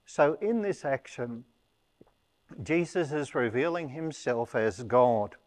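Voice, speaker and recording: A man preaching a sermon, explaining a scripture passage in a measured, teaching manner. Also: mid-range voice.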